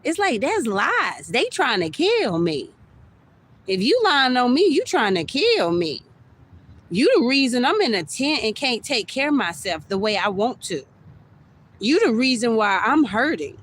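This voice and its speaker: A woman's voice: on the high side, big pitch swings, a little slow, fairly bright tone. A young adult woman ranting on a livestream, heated and repetitive, stumbling over her words as she circles back to the same complaints. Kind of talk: livestream rant.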